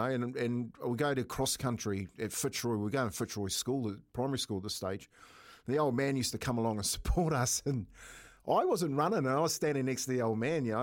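A middle-aged man with a New Zealand accent spins a long, rambling yarn on air. He keeps breaking into laughter and calls his co-host "mate" every few lines. His voice sits at an ordinary pitch, in a relaxed, chatty radio manner. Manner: chatty, laughs often, says "mate" a lot. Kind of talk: casual radio banter and storytelling.

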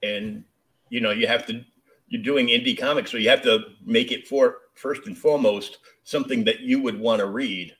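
A man's voice: mid-range voice, steady tone, moderate pace, a bit bright. A man hosting a podcast, chatting casually and summing up his guest's points in a supportive way. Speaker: podcast host.

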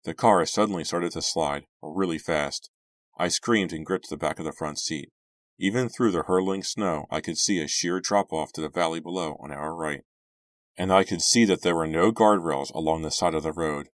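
A man narrating an audiobook in the first person, in a steady, measured way. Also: low-pitched, dry recording.

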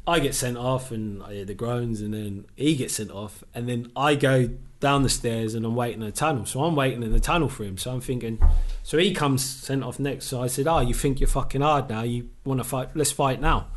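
Man telling a lively story. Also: medium pitch, brisk, hardly any pauses. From England. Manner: animated, swears freely, acts out quotes. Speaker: podcast guest, former footballer. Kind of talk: casual storytelling.

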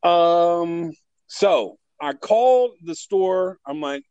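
High-voiced man telling a profane story. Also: animated, takes it slowly, mellow, no room sound, low-quality recording. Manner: profane, exasperated, acts out quotes. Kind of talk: casual storytelling.

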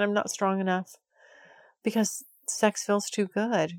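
A woman's voice: medium pitch, fairly even intonation, normal speed, darkish tone, no room sound, clean studio sound. A woman hosting a podcast, talking frankly in a rambling monologue full of filler words. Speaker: podcast host. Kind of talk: candid monologue.

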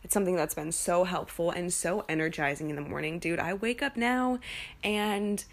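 Young woman, podcast host, casual spiritual chat, filler-heavy, swears often, lowish voice, recorded at home. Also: normal speed. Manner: chatty, swears freely, frequent fillers. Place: her apartment.

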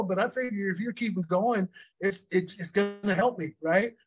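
A man's voice: sits high, normal speed, slightly rough, low-quality recording. A middle-aged man, a retired wrestler, telling rambling, profane stories in casual chat and repeating himself as he goes.

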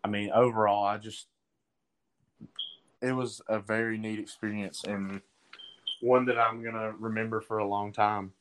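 A teenage young man with a thick Alabama accent answers questions casually, pausing often on ums and restarts. His voice sits fairly low and sounds smooth and clear. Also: little pitch movement, poor audio. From Southern US. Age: teens. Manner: halting, with many ums and restarts. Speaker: baseball recruit guest.

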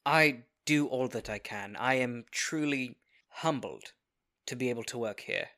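Man with a bright sharp voice, playing his character all formal and polite. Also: medium pitch, measured pace. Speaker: player. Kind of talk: in-character tabletop play.

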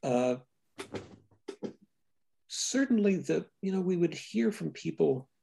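An older man with a gravelly, husky voice answers interview questions about his own work. He speaks thoughtfully, often stopping and restarting his sentences. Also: on the high side, animated, slow, dark tone. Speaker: filmmaker guest.

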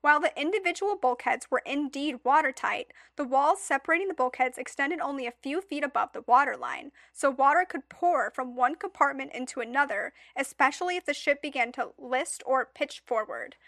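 A woman's voice: sits high, fairly quick, hardly any pauses, a bit bright, no echo, studio quality. A woman co-hosting a podcast, chatting casually and reading notes aloud in a playful way, laughing often. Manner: playful, laughs often, stumbles over long read passages. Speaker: podcast co-host. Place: podcast studio.

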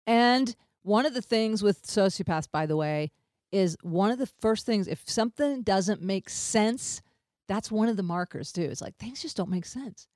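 A woman's voice: mid-range voice, lively intonation, moderate pace, a little mellow, dry recording, studio quality. A woman hosting a casual interview, supportive and chiming in. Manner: supportive, finishing the guest's sentences.

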